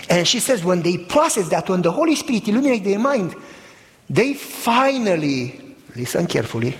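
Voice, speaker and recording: A man preaches a sermon in a high voice that leaps all over its range. He presses his points with rhetorical questions and bursts into shouts. His voice rings out through a church hall with a long echo. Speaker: pastor.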